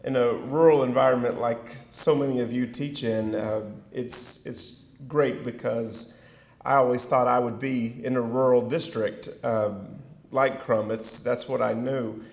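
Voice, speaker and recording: A middle-aged man with a country Texas accent gives a keynote, joking at his own expense and stumbling through fillers. His voice is gravelly and his pace is slow. He is heard through an echoey hall with faint noise underneath. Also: mid-range voice, steady tone. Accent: rural Texas. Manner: folksy and self-deprecating, with many fillers. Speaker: keynote speaker. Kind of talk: keynote speech with audience banter.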